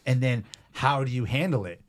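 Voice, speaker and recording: Man in his thirties, mid-pitched voice, lively storyteller as a podcast guest. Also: normal speed. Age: 30s. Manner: animated, conversational storyteller. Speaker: personal trainer guest. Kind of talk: casual storytelling interview.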